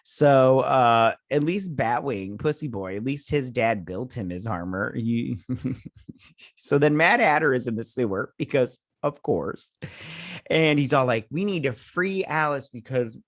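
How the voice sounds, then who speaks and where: A man's voice: mid-range voice, lively intonation, unhurried, dry recording, studio quality. A young man hosting a show, giving a casual, sarcastic recap and review of a TV episode, mocking it with laughs as he retells the scenes.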